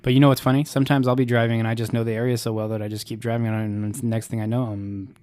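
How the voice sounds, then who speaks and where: A man's voice: mid-range voice, little pitch movement, fast, darkish tone, dry recording. A young man co-hosting a podcast in casual chat, skeptical and joking, swearing freely. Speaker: podcast co-host.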